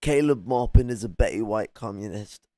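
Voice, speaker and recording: A man's voice: on the low side, moderate pace, mellow, no echo, clean studio sound. A man reacting to a video in casual commentary, mocking, swearing freely and often laughing.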